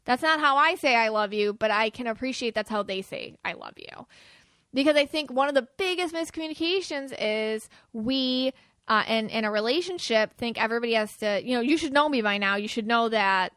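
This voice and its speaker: A woman's voice: fairly high pitch, animated, a little fast, fairly bright tone, smooth, dry recording, studio quality. A woman hosting a podcast, talking casually and chattily, acting out the quoted lines of the people she describes. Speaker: podcast host.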